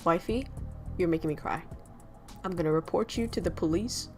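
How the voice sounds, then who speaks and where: A woman VTuber streamer with a soft, soothing voice who chats casually and reflectively, reading viewers' messages aloud and joking with them. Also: fairly low pitch. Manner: slow, reflective, reads chat aloud and jokes. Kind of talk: casual livestream chat. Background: faint lo-fi music.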